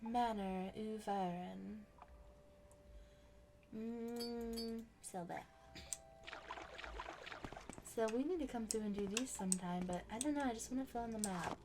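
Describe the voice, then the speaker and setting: A woman's voice: a little high, measured pace, background noise. Chatty woman playing a game. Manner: chatty, thinking aloud while playing. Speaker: gaming channel host. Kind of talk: casual game commentary. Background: game music and keyboard typing.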